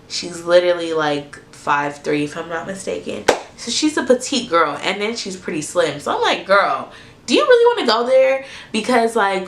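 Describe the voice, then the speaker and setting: A young woman, telling a story to her camera in a lively, cussing, chatty way. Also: deep voice, reverberant, noisy background. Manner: animated, swears freely, asides to viewers. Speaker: storytime vlogger.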